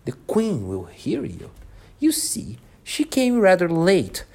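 A man voicing a timid, anxious male rabbit in a read-aloud storybook, in a low, hurried hush. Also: huge pitch swings, creaky, heavily acted.

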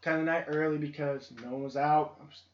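Higher-voiced young man, chatty co-host. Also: flat delivery, a little fast. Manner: laughing, chatty recounting. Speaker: podcast co-host. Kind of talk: casual chat. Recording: lo-fi echoey room.

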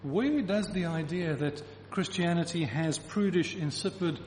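A man's voice: fairly high pitch, a little slow, a little mellow, slight background noise. A man preaching a sermon to a congregation, emphatic and repeating key phrases to drive his point home. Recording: reverberant hall with faint ambience.

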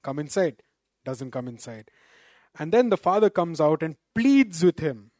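A man preaching a sermon, slowing down to quote scripture and adding rhetorical "right?" asides. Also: fairly high pitch, big pitch swings, warm tone, no room sound.

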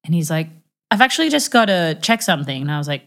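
A young woman telling a dating story in casual chat, animated and self-mocking, acting out the quotes. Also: deep voice, fast.

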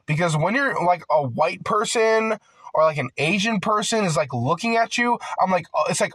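High-voiced young man ranting. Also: lively intonation, normal speed, breathy edge, no room sound. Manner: rambling, packed with "like" fillers and swearing; grows loud and heated at times. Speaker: vlogger. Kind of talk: casual ranting monologue.

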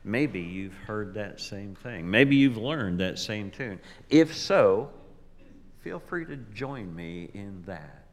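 A male pastor preaching a sermon, slow and deliberate, swinging from loud emphasis to near whispers. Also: on the low side, expressive. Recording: long reverb of a large hall.

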